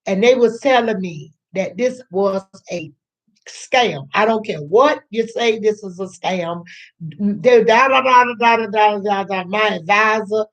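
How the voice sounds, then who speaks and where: An older woman, a grandmother, telling a personal story in a chatty, rambling way, repeating herself and acting out what others said. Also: medium pitch. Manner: slow, chatty, repeats herself, acts out quoted voices. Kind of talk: casual storytelling to camera.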